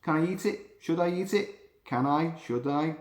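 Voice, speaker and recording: A man's voice: a little high, moderate pace, voice pushed up, natural voice. A man playing a hungry shark that wonders aloud about its prey in a raised, questioning voice. The sound is roomy and echoey. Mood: curious. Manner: questioning, musing to itself. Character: curious hungry shark, male, weighing up prey. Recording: roomy echo.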